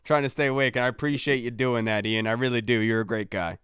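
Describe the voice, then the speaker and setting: A man's voice: mid-range voice, steady tone, fast talker, a bit bright, clear, resonant tone, no room sound, studio quality. A man hosting a casual sports podcast, speaking in an upbeat, chatty way. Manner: upbeat sign-off patter. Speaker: podcast host.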